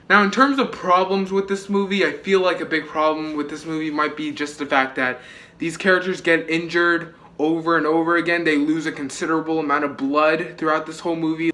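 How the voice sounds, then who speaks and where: A man's voice: fairly high pitch, sharp tone. A young man reviewing a movie in a casual vlog, chatty, with many fillers and frequent swearing.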